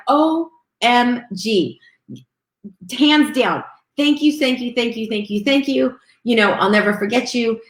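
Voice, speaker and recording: Woman, fairly high voice, upbeat webinar presenter, echoey room. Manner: upbeat, reads out chat comments and thanks viewers.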